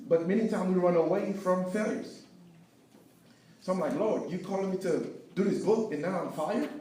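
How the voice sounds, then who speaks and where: A man telling his story of failure and faith as a speaker at an event, preaching with lively swings between loud and hushed. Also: a little high. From Haiti. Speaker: guest speaker. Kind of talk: inspirational testimony talk. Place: event hall with live audience. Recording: echoey hall, picked up from far off.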